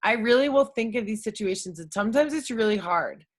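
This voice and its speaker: A woman's voice: fairly high pitch, lively intonation, fairly quick. Chatty woman full of fillers. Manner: chatty, many fillers and tag questions. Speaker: host. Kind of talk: casual talk to camera.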